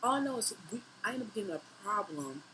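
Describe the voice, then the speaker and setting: A woman's voice: mid-range voice, big pitch swings, quick pace, heavy background noise. A woman in her twenties animatedly recounting a personal story on camera, swearing freely and acting out her own lines. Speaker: vlogger. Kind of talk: storytime monologue.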